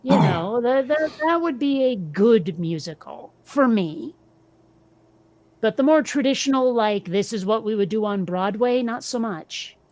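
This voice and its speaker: A woman's voice: a little high, animated, unhurried, darkish tone. A woman hosting a casual chat, blunt and profane, wry and a little tired. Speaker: podcast host.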